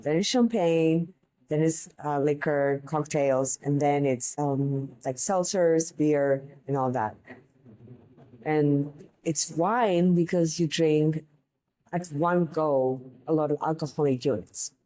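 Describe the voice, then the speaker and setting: A woman's voice: deep voice, slow pace, warm tone, rough recording. A young woman hosting a podcast, chatting casually and rambling through funny bartending stories, laughing at her own tales. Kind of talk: casual storytelling monologue.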